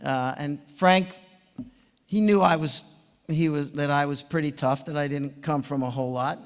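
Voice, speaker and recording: A man's voice: a little high, moderate pace, smooth. A man in his seventies, a swim coach, giving an anecdotal induction speech and chuckling as he tells his stories. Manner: animated storyteller, chuckling. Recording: long hall reverb.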